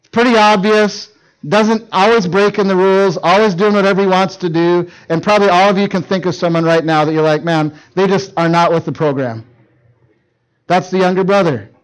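Animated high-voiced male preacher. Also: a little fast, clear, resonant tone, poor audio. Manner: animated storytelling, acting out quoted lines. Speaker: youth pastor. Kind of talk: sermon.

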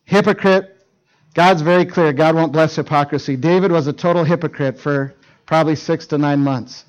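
A man's voice: on the high side, fairly even intonation, normal speed, poor audio. A middle-aged male pastor preaching to teenagers, telling a story and acting out the dialogue with urgency. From Canada. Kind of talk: sermon to teenagers.

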